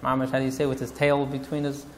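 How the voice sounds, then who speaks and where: A male rabbi telling a story in a dramatic, animated way, using Yiddish and Hebrew terms. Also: medium pitch, fast talker, slight background noise. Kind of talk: storytelling talk.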